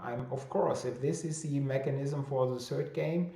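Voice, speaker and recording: The host of a weekly publisher chat, a man with a thick German accent, reads viewer comments in a casual livestream. His medium-pitched, warm voice is steady, with vocal fry and normal speed, in a roomy-sounding space. He's hesitant, full of fillers and restarts, and laughs easily.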